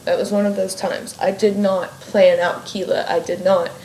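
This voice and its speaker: Speaking at a moderate pace in a level, darkish, mid-range voice, a woman from Ohio who writes fiction rambles through a casual vlog chat, sidetracked and swearing freely. She's recorded in an echoey home room with faint ambient noise.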